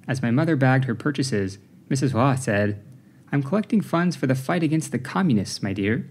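A man reading an audiobook, narrating in a measured, even way. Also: mid-range voice. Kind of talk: scripted narration.

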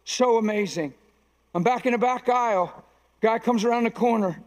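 High-voiced preaching man in a hall. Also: moderate pace. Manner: emphatic preaching, acting out quoted dialogue in stories. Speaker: pastor. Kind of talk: sermon. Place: large conference hall. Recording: long reverb of a large hall.

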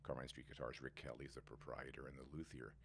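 A man in his sixties, a chef guest in a casual podcast interview, telling animated stories. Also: fast talker, gravelly, breathy edge. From United States. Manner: animated storyteller, jumps up in pitch when indignant.

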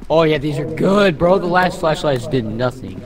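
A young man hosting a gaming channel, chatting and joking while he plays with a friend, often breaking into panicked shouts. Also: a little high, animated, normal speed, crowd noise. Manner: jokey, bursts into panicked shouting. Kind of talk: casual co-op gameplay chat.

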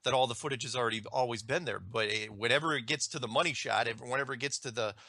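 A man's voice: medium pitch, fast talker, sharp tone, dry recording, clean studio sound. A man ranting in a casual spoken monologue, emphatic and indignant, often restarting his sentences as he argues through an everyday analogy.

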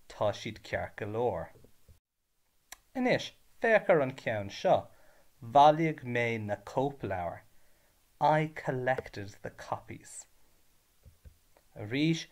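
A man's voice: medium pitch, gravelly. A man with an Irish accent teaching a revision lesson, patient and spelling words out syllable by syllable.

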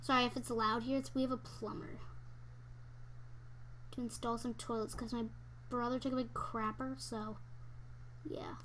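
A young woman commenting on her own game play, excitable, yelping and squealing at times, then dropping to whispers. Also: a little high, moderate pace, long pauses, a little hiss or hum. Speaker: gamer.

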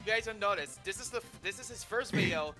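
A man's voice: high voice, expressive, fast talker, pushed and bright, soft background music. A man playing as second player, dropping short playful remarks in casual gameplay chatter.

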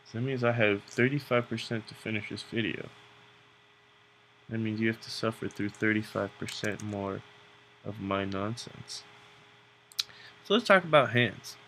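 Young male tutorial host, casual and jokey, with a low-ish gravelly voice. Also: normal speed, pauses often, a bit bright, a little hiss or hum. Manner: rambling, joking, self-mocking. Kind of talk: casual narration while drawing.

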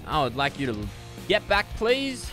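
A young man giving jokey, excitable gameplay commentary with sudden yelps. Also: fairly high pitch, moderate pace, over music. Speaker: gaming YouTuber.

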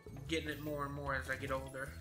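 A man's voice: medium pitch, monotone, fast, bright, forceful tone, faint music behind. A man in his twenties casually commenting on a game he plays, swearing and rambling freely. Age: 20s. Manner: profane, rambling, chatty. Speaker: gameplay commentator. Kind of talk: casual let's-play commentary.

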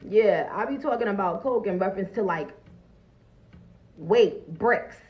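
A woman's voice: mid-range voice, unhurried, dull audio. A woman chatting bluntly and profanely on a phone livestream, greeting viewers as she talks. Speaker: livestream host. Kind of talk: casual livestream chat. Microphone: phone camera.

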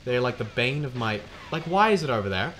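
A man's voice: mid-range voice, big pitch swings, fairly quick, fairly bright tone. A young man with an Australian accent, rambling and swearing as he gives casual commentary while playing a video game. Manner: rambling, swears a lot, laughs at himself. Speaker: let's play host.

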